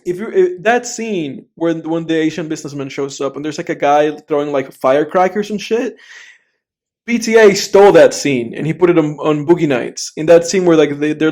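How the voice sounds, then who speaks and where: A man's voice: on the high side, darkish tone. A young man co-hosting a film podcast, rambling casually, swearing, laughing often and acting out scenes. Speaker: podcast co-host. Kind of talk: casual chat.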